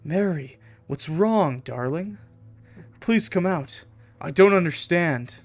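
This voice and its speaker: Pleading zombie husband as a man reads him, soft, bewildered, horror game, faint music behind. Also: on the high side, lively intonation, slow.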